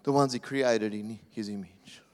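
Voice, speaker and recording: Preacher in an echoing hall. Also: male voice, lowish voice, normal speed. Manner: animated, acts out quoted voices, drops to soft near-whispers. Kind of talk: sermon. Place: church hall. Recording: reverberant hall.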